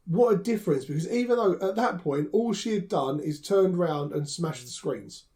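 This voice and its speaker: A man's voice: sits high, lively intonation, normal speed, warm tone. A man co-hosting a podcast in casual chat, talking through his reactions with everyday examples. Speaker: podcast co-host.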